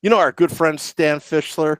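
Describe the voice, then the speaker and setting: A man's voice: fairly high pitch, moderate pace, smooth, dry recording. A man hosting and producing a casual sports podcast, rambling and laughing through stories. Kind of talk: casual chat. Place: home podcast setup.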